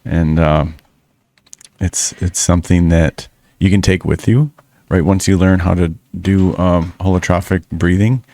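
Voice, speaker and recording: A man co-hosting a breathwork introduction, calmly explaining step by step with some "um" pauses. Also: deep voice, no echo. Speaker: breathwork co-host. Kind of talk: casual explanatory talk.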